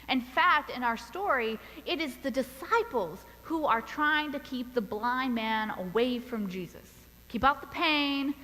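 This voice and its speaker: A woman pastor preaching a sermon in a church, telling a story in a deliberate, measured way. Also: fairly high pitch, bright, forceful tone, in a large hall, rough recording. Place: church sanctuary.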